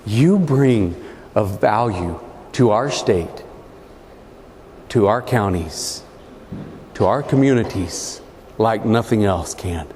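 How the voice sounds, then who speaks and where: Telling stories in a funny, folksy keynote speech, this New Mexico man jokes along in a lowish, slightly mellow voice with lively intonation. He speaks slowly, leaving long pauses. Sound comes from a big echoey hall, with faint noise in the background.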